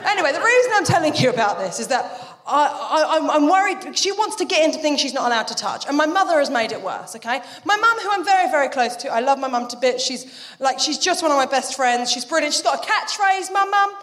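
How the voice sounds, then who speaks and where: A young adult woman doing live stand-up, telling stories quickly and animatedly with swearing and asides. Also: sits high, lively intonation, fairly bright tone, long reverb tail. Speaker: stand-up comedian.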